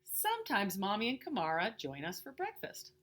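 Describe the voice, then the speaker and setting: A woman reading a children's picture book aloud in a slow, lilting way. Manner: slow and lilting, lively pitch with playful character voices. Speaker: storybook reader.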